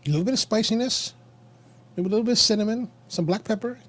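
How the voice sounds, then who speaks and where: A man's voice: high-pitched, quick pace, a bit bright. A man co-hosting a casual chat show over coffee and cigars, telling a rambling story with many restarts. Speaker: podcast co-host.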